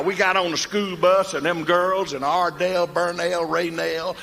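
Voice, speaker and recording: Telling funny country stories on stage, an older Mississippi man drawls in folksy Southern style and voices the people in his tales. He speaks in a high, steady voice with vocal fry, at a moderate pace with hardly any pauses, sounding a bit bright in a big room.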